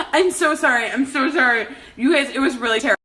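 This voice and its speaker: Woman in her 30s for a rambling phone-story vlog; high, bright, breathless and giddy. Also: fast talker. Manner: excitable, breathless storytelling with shrieks and laughter. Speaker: vlogger.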